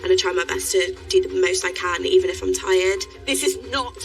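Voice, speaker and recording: A worn-out woman chatters in strained bursts as she labours, her voice picked up from a distance. A music bed runs clearly underneath her. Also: on the low side, a little fast. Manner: frantic, strained, self-talking while working. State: exhausted, out of breath. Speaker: reality competition contestant. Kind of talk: casual on-the-spot commentary.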